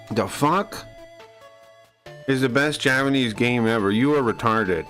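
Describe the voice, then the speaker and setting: A man streaming live, answering chat in a combative, mocking and crude way, sometimes dropping to low mutters. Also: a little slow, pauses often, fairly bright tone, soft background music. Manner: drops to low muttering asides. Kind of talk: casual live-stream rant.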